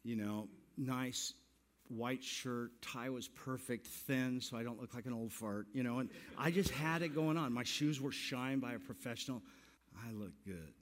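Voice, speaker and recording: A man in his sixties preaches with a storyteller's energy. He pokes fun at himself between points and laughs through his lines. His pitch sits in an ordinary middle range for a man. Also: normal speed, slight background noise. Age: 60s. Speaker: pastor. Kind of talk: sermon with personal storytelling.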